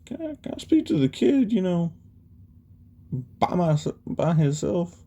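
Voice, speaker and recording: A man's voice: high-pitched, sing-song, a little slow, dark tone, voice pushed up, exaggerated voice. A man voicing a worried adult male hero teacher who stammers out his requests. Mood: pleading.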